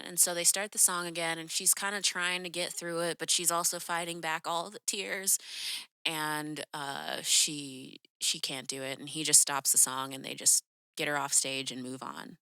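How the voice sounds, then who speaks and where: A woman's voice: deep voice, steady tone, normal speed, bright, forceful tone, clean tone, dry recording, clean studio sound. A young woman hosting a podcast, telling a story in a chatty, casual way full of "like" and "um". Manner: chatty, lots of "like" and "um", acts out quoted voices. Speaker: podcast host.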